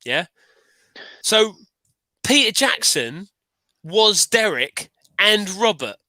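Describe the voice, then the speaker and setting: A man's voice: sits high, big pitch swings, takes it slowly, pushed and bright, no echo. A man co-hosting a casual livestream chat, enthusiastic and rambling, with many restarts. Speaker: livestream co-host.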